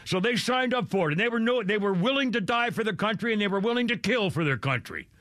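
Man, talk radio host, heated rant, halting restarts, high-pitched, forceful. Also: animated, no echo. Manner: angry, swearing, trailing off and restarting.

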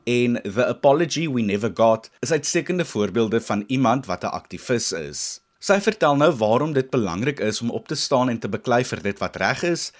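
A man's voice: medium pitch, animated, moderate pace, hardly any pauses. A South African man narrating a scripted introduction as host.

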